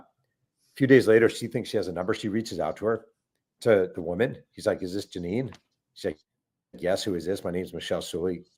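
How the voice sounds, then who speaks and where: A middle-aged man tells a long story on a talk show with a lower-pitched voice. He is animated and slips into quoted voices as he goes. His delivery is conversational and unscripted. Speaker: author guest. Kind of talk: casual storytelling interview.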